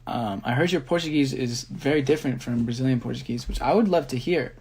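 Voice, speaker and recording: A man's voice: medium pitch, fast talker, hardly any pauses, a little mellow, breathy edge. A young man, a dancer, chatting casually on a phone livestream and rambling through fan questions with frequent ums.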